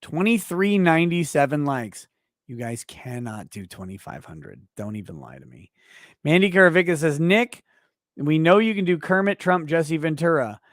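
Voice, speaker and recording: A tipsy man in his thirties hosts a livestream, reading donations aloud and ranting with loud, profane energy that drops suddenly to a mutter. His voice sits a bit high for a man and sounds dry and close to the mic. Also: big pitch swings, normal speed, no room sound. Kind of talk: casual livestream chat.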